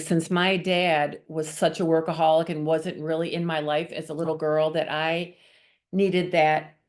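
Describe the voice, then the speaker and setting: A middle-aged woman with a deep, gravelly voice shares her personal testimony as a guest. She speaks earnestly, acting out her past thoughts and conversations as the story unfolds.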